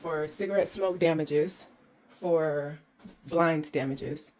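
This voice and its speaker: Low-voiced woman ranting in exasperation. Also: slow, darkish tone. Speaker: host. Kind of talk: walkthrough vlog. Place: indoors in a condo. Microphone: handheld phone.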